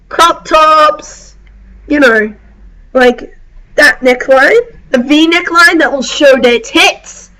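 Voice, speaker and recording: High-voiced woman in a slow, profane rant. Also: sharp tone, low-quality recording. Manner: ranting, swears a lot, many "like" and "I mean" fillers. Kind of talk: angry rant.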